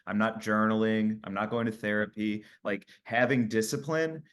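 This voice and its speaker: A man, a comedian, speaking candidly in an interview and telling animated stories, acting out his own lines as he goes. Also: lowish voice. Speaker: comedian guest.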